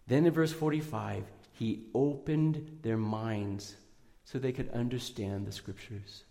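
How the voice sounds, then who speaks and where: A man pastor giving an Easter sermon in a church, earnest and prayerful, pushing up for emphasis and then going soft. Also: medium pitch, unhurried, vocal fry, few pauses, big-room sound.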